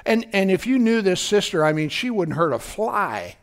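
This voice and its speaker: Pastor guy preaching hard, high voice that swings all over the place. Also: sing-song, normal speed. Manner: fervent preaching, frequent "praise God" and "are you listening to me?". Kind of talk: sermon.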